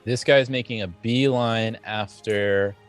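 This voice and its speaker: A man running a tabletop game as game master, halting and full of fillers as he narrates. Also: fairly low pitch, steady tone, smooth, faint music behind. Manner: halting, many fillers and restarts.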